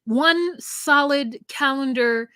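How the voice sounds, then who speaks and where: A woman co-hosting a podcast in casual recap chat, an animated storyteller who laughs often. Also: high-pitched, slow, no room sound, clean studio sound. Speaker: podcast co-host.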